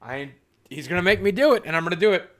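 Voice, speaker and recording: A man hosting a live stream, joking with his chat in a self-mocking way and softly coaxing his dog. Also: high voice, lively intonation, fast. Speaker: livestream host.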